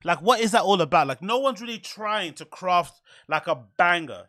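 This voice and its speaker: Frantic rambling man, high voice. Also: bright, forceful tone, no room sound, studio quality. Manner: rambling, frantic, talks without pausing for breath. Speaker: podcast host. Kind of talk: solo podcast monologue.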